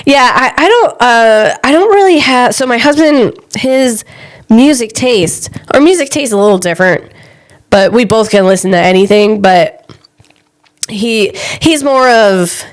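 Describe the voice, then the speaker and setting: A woman's voice: a little high, expressive, unhurried. A woman hosting a podcast on her own, chatting casually and rambling, laughing often at herself and breaking into short bits of song. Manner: rambling, self-mocking, laughs often, bursts into snatches of song. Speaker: podcast host. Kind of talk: casual solo chat.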